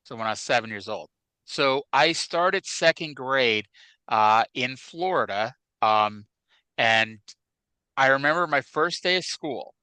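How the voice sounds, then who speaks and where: Crisp, bright-voiced rambling storyteller man. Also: mid-range voice, expressive, measured pace, dry recording, poor audio. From northern USA. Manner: rambling storyteller, many fillers like "like" and "you know". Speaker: podcast co-host. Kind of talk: casual chat.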